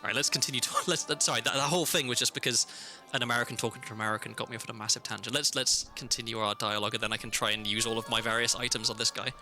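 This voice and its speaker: A young man from South Wales, speaking with his home accent as he streams a game. He rambles casually, stumbling over his words and looping back on himself. His tone is bright and sharp, with faint music in the background. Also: medium pitch, fairly even intonation, racing. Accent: South Welsh. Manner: rambling, self-interrupting storyteller. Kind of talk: casual chat while playing a game.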